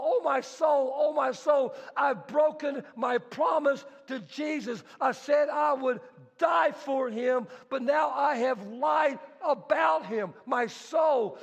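A man voicing a desperate, guilt-stricken apostle who shouts curses and cries out in remorse, acted inside his sermon. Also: sits high, slow, hardly any pauses. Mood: grieving remorse. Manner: shouting, pleading, cursing. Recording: long hall reverb.

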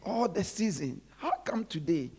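God gently asking, as a preacher voices him. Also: mid-range voice, expressive, moderate pace, breathy edge. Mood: hushed, pleading. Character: God, gently questioning a hiding man.

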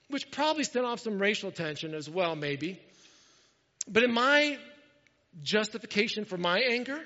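A pastor telling a story in a sermon, animated and self-mocking, acting out what people said. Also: male voice, high voice, big-room sound, muffled recording.

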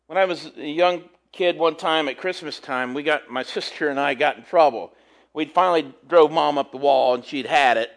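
A man with a notably high voice delivers a conversational sermon. He reads scripture aloud, then unpacks it earnestly with homely stories. He often stumbles and repeats words as he thinks aloud. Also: normal speed, vocal fry. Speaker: preacher.

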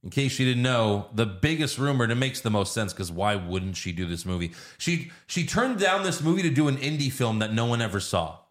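A man's voice: medium pitch, sing-song, a little fast, hardly any pauses. A man hosting a podcast, recapping a movie in casual chat, swearing freely and putting on silly voices for the characters. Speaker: podcast host.

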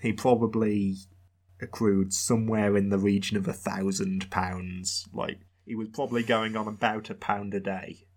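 A low-pitched man recounting history on a podcast. He rambles a little and drops in dry, wry asides. His delivery is loose, casual storytelling. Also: flat delivery, normal speed. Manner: rambling, wry, with frequent fillers.

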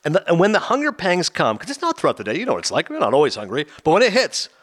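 Lively fast-talking man telling stories. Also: a little high. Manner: animated storyteller, acts out quoted voices. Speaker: podcast co-host. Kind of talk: casual chat.

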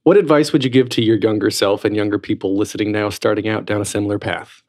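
A podcast host asking guests relaxed questions. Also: mid-range voice, fast. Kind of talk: podcast interview.

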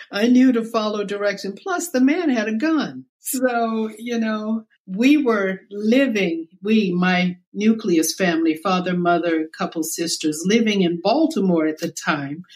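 An older woman from the American South, a guest in an interview, telling a personal childhood story slowly and reflectively. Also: mid-range voice, darkish tone. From South Carolina, US. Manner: slow, reflective storytelling with quoted voices.

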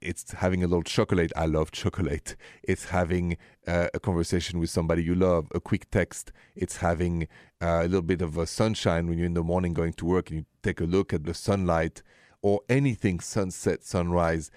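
Calm male radio host. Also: low-pitched, fairly quick, no echo, clean studio sound. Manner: calm, gentle advice with French phrases. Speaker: radio call-in show host. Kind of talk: relationship advice radio show.

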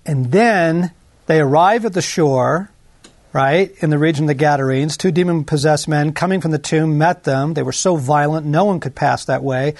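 A male pastor giving a sermon in a conversational way, full of asides and tag questions, slowing down for emphasis and then speeding up. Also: fairly high pitch, darkish tone, no echo. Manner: shifts between slow emphasis and quick runs.

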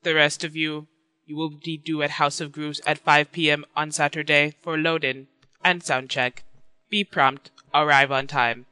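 A man's voice: fairly high pitch, little pitch movement, a little slow, bright, forceful tone, clean tone, dry recording. A man playing a stiff, formal music manager. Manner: formal, clipped.

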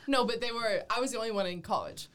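A woman's voice: on the high side, quick pace, a loud crowd. A woman in her twenties from Texas, a podcast guest chatting casually and animatedly telling a story. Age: 20s. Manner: animated storyteller, acts out quotes, laughs often.

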